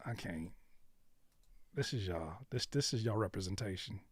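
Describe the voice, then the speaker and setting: A man's voice: low voice, expressive, normal speed, slightly rough, dry recording. A man hosting a music-reaction livestream, joking and repeating lines for effect in casual, profane chat. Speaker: livestream host reviewing music submissions.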